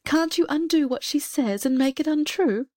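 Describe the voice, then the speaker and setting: A fretful young queen from a storybook, her voice climbing high and breathless with worry, as a woman reading aloud puts her on. The recording is close and dry, with no room sound around it. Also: sing-song, moderate pace, a little mellow, no room sound. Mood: anxious.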